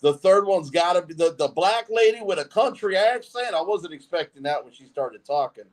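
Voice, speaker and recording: A man's voice: sits high, lively intonation, normal speed. A man hosting a live reaction stream, commenting in a blunt, profane way. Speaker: host reacting to videos.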